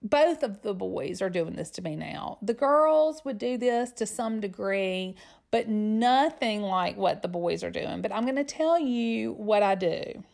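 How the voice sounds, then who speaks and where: A woman in her forties hosts a podcast, chatting casually through listener mail in an unhurried, drawn-out way. She laughs easily and repeats herself for emphasis, and her voice has a rough, gravelly edge. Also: medium pitch, expressive, darkish tone. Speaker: podcast host.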